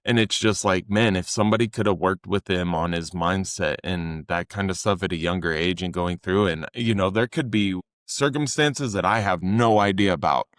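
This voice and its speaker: A young adult man co-hosting a casual podcast, talking earnestly about coaching and sometimes acting out what he says to clients in a louder voice. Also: low-pitched, moderate pace, few pauses, no room sound, studio quality. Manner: earnest, conversational, acts out quotes with raised voice. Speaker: fitness coach and podcast co-host.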